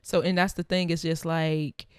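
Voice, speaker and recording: A woman's voice: fairly low pitch, level tone, normal speed, smooth, no echo, clean studio sound. A woman co-hosting a faith podcast, speaking reflectively and encouragingly, with frequent affirming interjections. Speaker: podcast co-host.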